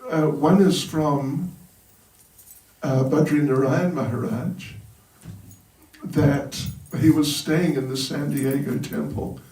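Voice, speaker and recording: A monk in a temple hall tells light, humorous stories and chuckles at his own jokes. His speech is unhurried and slightly high for a man. The echoey room and the distant mic leave him sounding far off. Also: fairly even intonation, dark tone. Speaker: monk giving a talk at a temple. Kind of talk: storytelling sermon.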